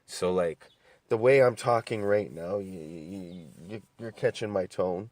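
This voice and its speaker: A young man tells stories in a relaxed, unhurried monologue, full of casual swearing and false starts. His voice sits a little low. The sound is dry, with no room echo. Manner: calm, laid-back storytelling with frequent swearing and restarts. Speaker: podcast host.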